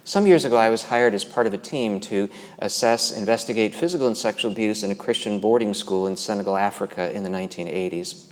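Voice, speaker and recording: A man's voice: on the low side, fast talker. A man giving a conference talk on abuse and faith, earnestly retelling what survivors he interviewed told him. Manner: earnest, quotes people he interviewed. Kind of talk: conference talk with retold stories. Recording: long hall reverb.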